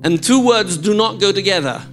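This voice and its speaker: A man's voice: high voice, lively intonation, normal speed, fairly bright tone, soft background music. An older man preaching as a guest in a church, chatty and enthusiastic, joking with the congregation and teaching a song. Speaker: guest preacher and worship leader.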